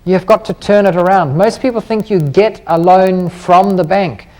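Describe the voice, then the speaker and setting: A man's voice: sits high, moderate pace, warm tone. A middle-aged man speaking at a live seminar, bold and persuasive, putting many rhetorical questions to the room. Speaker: seminar speaker on property investing. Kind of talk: live seminar talk to an audience.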